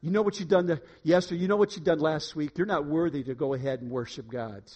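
Devil figure, mocking and accusing , as a man puts him on. Slow and needling. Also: fairly high pitch, a little mellow, breathy edge. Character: taunting devil whispering accusations.

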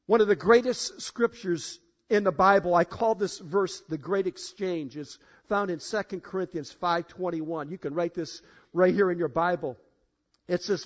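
A high-pitched male pastor preaches to his congregation, booming on key phrases and then dropping to low, intimate asides. He talks straight to the people in the room. The recording is dull and lo-fi. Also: measured pace. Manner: emphatic, swings between loud declarations and low asides; addresses congregation directly, asks for show of hands. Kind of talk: sermon. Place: church in front of a congregation. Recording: dull, lo-fi sound.

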